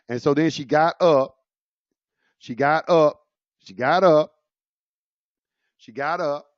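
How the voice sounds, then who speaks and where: A man's voice: a little high, a little slow, pauses often, dry recording, dull audio. A man casually telling his own courtroom story, rambling with many fillers and restarts. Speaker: speaker sharing his own experience.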